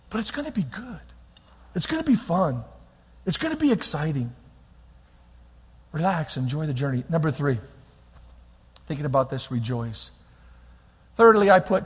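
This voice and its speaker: A man preaching a lively sermon, his voice pitched very high and slightly husky. He swings between soft asides and loud exhortation with plenty of melodic movement. The sound carries a long reverb from a large church hall. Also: moderate pace, long pauses. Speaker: pastor.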